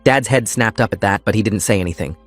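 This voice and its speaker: Low-voiced man reading a story. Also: quick pace, soft background music. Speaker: narrator. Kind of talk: calm scripted story narration.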